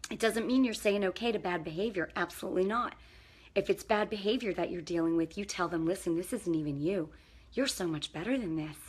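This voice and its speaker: Earnest middle-aged woman giving parenting advice. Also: medium pitch. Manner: earnest and encouraging, checks in with the viewer. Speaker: parenting coach and counselor. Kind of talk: casual faith-based advice talk to camera.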